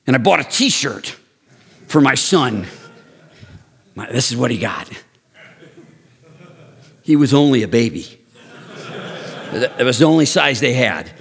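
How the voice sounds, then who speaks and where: A man's voice: medium pitch, a little slow, gravelly, pauses often, husky. Earnest man in his sixties. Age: 60s. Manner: earnest and direct, building to excited emphatic storytelling. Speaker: men's ministry leader. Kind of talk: personal testimony talk.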